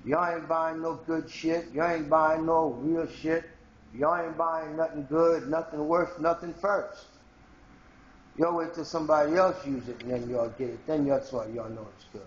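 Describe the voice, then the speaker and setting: A man's voice: on the high side, fairly even intonation, moderate pace, reverberant, highs cut off, a little hiss or hum. A man from Haiti delivering a rambling, confrontational monologue straight to his viewers in a home video blog. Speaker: video blogger. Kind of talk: ranting monologue to camera.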